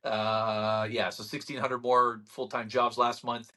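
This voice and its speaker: A man hosting a real estate channel, giving a casual market update to camera in an animated, sarcastic rant. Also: medium pitch, slow. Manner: animated ranting, sarcastic mock quotes.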